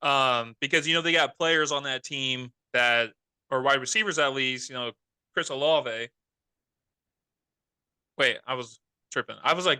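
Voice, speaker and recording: A man's voice: medium pitch, moderate pace, pauses often, pushed and bright, smooth, no room sound. A man co-hosting a fantasy football podcast in casual, rambling chat that often corrects itself mid-sentence. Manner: loose, rambling, self-correcting. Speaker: podcast co-host.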